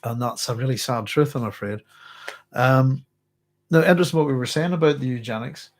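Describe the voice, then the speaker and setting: A man's voice: mid-range voice, fairly quick. Man, Northern Irish accent, middle-aged, casual book chat, rambling, chuckling, trails off mid-thought. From Northern Ireland. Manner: rambling, self-interrupting, chuckles often. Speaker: book club host.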